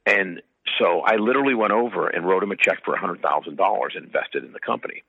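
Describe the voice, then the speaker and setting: A man's voice: deep voice, fast, gravelly, no room sound. A man guest in an interview, chatting through long rambling anecdotes with fillers, heard on slightly muffled audio. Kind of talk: casual storytelling.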